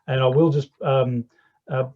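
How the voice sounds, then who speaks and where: A man hosting an online forum, hesitant and friendly with frequent pauses. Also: mid-range voice, steady tone. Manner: hesitant, many fillers, friendly. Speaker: forum host. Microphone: video call. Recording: dull lo-fi video call audio.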